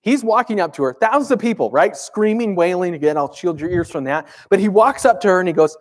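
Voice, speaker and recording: A man's voice: high voice, lively intonation, fast talker. A man preaching a sermon as pastor, speaking conversationally and emphatically with rhetorical questions.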